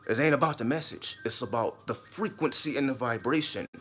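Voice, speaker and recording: A man's voice: mid-range voice, fairly quick, a bit bright, faint music behind. A man talking straight to viewers in a casual, emphatic monologue, repeating his points and swearing now and then. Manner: emphatic, repetitive, with occasional swearing. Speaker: host of own video channel.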